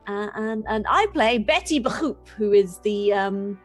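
A woman's voice: medium pitch, expressive, measured pace, faint music behind. A woman player chatting playfully, her voice strained from a long week. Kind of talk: casual chat.

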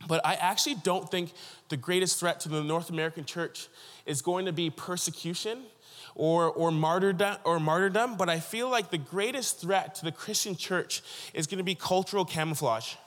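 A man's voice: sits high, normal speed, a bit bright, in a large hall. A man from Ontario preaching a sermon as a pastor, telling stories earnestly with frequent restarts. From Canada (Ontario).

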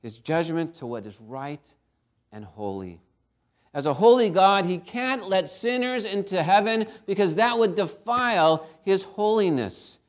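A man's voice: high-pitched, animated, measured pace. A man preaching a sermon, emphatic, asking his listeners for responses. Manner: emphatic, calls for congregation responses.

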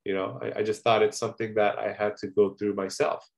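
A man's voice: fairly low pitch, level tone, a little fast, vocal fry. A man giving a conversational sermon, earnest and personal, often adding "you know" as he talks. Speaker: preacher.

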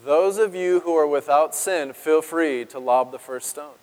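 A man preaching a sermon as pastor, earnest and emotional, with dramatic pauses and drops to a hush on key words. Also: on the high side, smooth. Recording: long reverb of a large hall.

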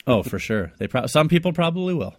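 A man's voice: medium pitch, big pitch swings, quick pace, no echo, clean studio sound. A man co-hosting a podcast in casual chat, joking and laughing often. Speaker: podcast co-host.

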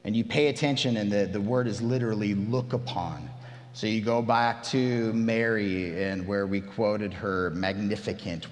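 A man preaching a sermon as pastor, emphatic and animated, often restarting his phrases. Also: on the low side, big-room sound.

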